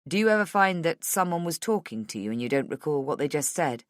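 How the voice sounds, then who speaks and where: A woman voicing a calm, gentle middle-aged male doctor in an audiobook, asking questions softly and slowly. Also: deep voice, dry recording, studio quality. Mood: gentle, clinical. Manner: soft, slow, reassuring questioning. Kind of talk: audiobook dialogue.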